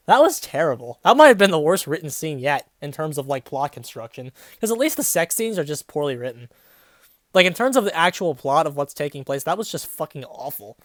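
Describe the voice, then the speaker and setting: A woman's voice: deep voice, animated, moderate pace, dry recording, studio quality. A woman in her twenties, a graduate student, mocking a badly written story with profane asides. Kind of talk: sarcastic dramatic reading and commentary.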